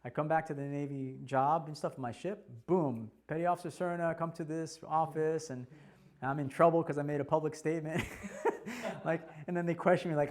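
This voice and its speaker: A man in his forties teaching a class by telling his own story, animated and laughing often. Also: on the high side, fairly quick. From United States. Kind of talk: personal storytelling talk.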